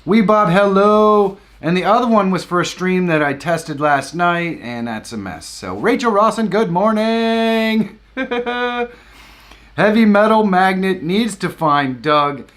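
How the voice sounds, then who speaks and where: A man's voice: high-pitched, very animated, a little slow, a bit bright. A man hosting a live stream, greeting viewers by name with upbeat enthusiasm and the occasional whoop.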